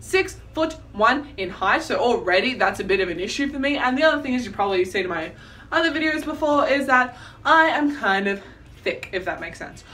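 A woman talks to her camera in a loose, chatty vlog, full of dramatic self-mocking asides. Her voice is bright and sharp. She sits a little back from the mic, so the sound has some distance to it. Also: on the high side, lively intonation, brisk. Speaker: vlogger.

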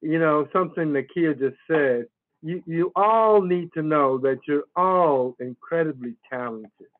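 A man giving an encouraging motivational pep talk on a video call, repeating refrains. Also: fairly high pitch. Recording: thin phone-like call audio.

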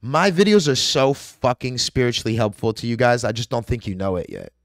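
A man's voice: medium pitch, big pitch swings, fairly quick, no room sound, studio quality. A man delivering an aggressive, profane, preachy rant straight to his viewers as a vlogger. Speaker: conspiracy vlogger. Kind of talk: ranting monologue to camera.

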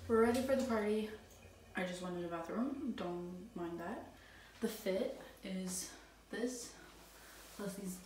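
A woman's voice: medium pitch, unhurried, long pauses, a little mellow, slight background noise. Young american woman rambling on her vlog, loads of "like", echoey room, kinda far from the mic. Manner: rambling, filler-heavy, laughs often. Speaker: vlogger. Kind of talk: casual vlog chat. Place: home, indoors.

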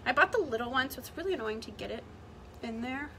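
Streaming a makeup tutorial from home, a young beauty vlogger talks fast and rambles on, packing in "like" constantly. Her high, bright voice has lively intonation and a forceful tone, with slight background noise behind it.

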